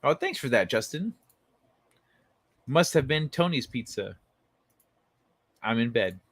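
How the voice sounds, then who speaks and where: Taking it slowly, a man with a mid-range, slightly bright and husky voice hosts a late-night livestream from his bed. He's animated yet laid-back and rambling, reading viewers' messages aloud and speaking to chat by name. There's no room sound.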